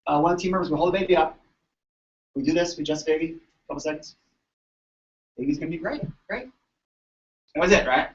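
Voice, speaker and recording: A man, a chiropractor, telling patient stories to colleagues in an animated, chatty way, often asking "right?". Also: fairly high pitch, quick pace, pauses often. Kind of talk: storytelling talk to an audience. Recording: echoey room, distant dull mic.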